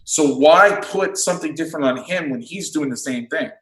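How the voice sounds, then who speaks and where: A man who coaches football, breaking down defensive play calls in a casual chat, blunt and quick to swear. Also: a little high, fairly bright tone. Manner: blunt, swears freely, explains plays in detail. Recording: roomy echo.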